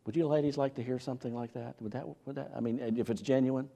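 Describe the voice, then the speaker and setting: A man preaching a sermon as pastor, animated, asking rhetorical questions and repeating words as he builds his point. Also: mid-range voice, fast talker, gravelly.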